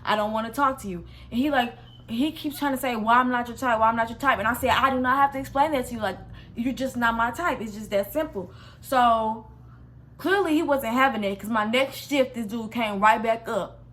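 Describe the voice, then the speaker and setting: Slangy young woman telling a story. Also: on the high side. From Missouri. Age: young adult. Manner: slangy, animated, quick restarts, exasperated retelling. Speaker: vlogger. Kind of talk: casual storytime.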